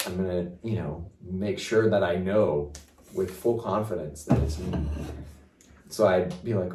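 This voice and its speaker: Young guy w a deep voice, chatty storyteller, lots of likes, mic kinda far off in an echoey room. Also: moderate pace, a little hiss or hum. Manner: animated storytelling with lots of "like" fillers. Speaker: guest. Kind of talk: casual chat. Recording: roomy, distant mic.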